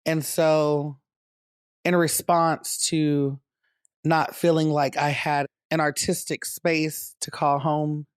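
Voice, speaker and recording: A man from North Carolina tells his story in a reflective, measured way for a documentary interview. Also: a little high, no echo, clean studio sound. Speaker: dance company founder. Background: soft guitar music.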